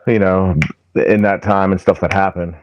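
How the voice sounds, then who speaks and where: A man's voice: low-pitched, level tone, normal speed, a little mellow, highs cut off, a little hiss or hum. A man who is a firefighter and paranormal investigator, chatting hesitantly as a podcast guest with lots of restarts. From American South. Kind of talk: casual podcast chat.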